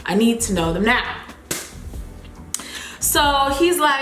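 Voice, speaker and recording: A young woman chatting casually while doing her makeup, retelling a story and acting out the people in it with lively repeated phrases. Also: slow pace, roomy sound, soft background music. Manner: animated, acts out quotes with big pitch jumps, repeats phrases. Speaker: beauty vlogger. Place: home, near a running refrigerator.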